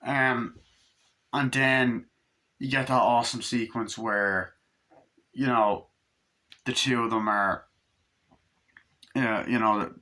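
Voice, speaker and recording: A man giving a rambling, excited movie review, swearing constantly as he recounts scenes. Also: mid-range voice, takes it slowly, long pauses. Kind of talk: casual movie review monologue.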